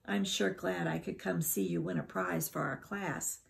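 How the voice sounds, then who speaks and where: A woman's voice: fairly low pitch, fairly even intonation, normal speed, creaky. A woman voicing a friendly young schoolboy in a storybook, cheerful.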